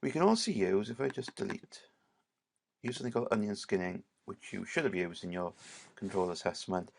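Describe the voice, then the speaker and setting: A male teacher, giving a casual screen-recorded software tutorial and leaning on "right" and "obviously". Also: fairly low pitch, a little fast, gravelly.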